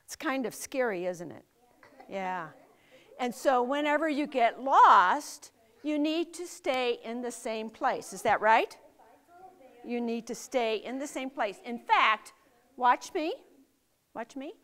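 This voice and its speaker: A woman's voice: on the high side, expressive, a bit bright. A middle-aged woman teaching young children safety rules, speaking emphatically and asking them lots of questions. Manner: slow, emphatic, asks the children many questions.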